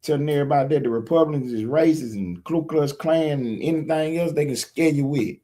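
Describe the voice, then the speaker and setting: A man's voice: a little high, brisk, dark tone. Emphatic man preaching to his viewers. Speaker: political commentator. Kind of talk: direct-to-camera opinion monologue. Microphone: streaming setup mic.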